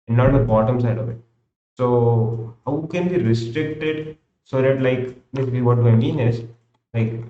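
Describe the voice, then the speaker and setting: A man's voice: medium pitch, darkish tone. A young man with an Indian English accent chatting loosely on a live stream, thinking aloud as he works, often repeating and restarting his sentences. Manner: rambling, repeats and restarts himself. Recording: roomy, slightly dull home recording.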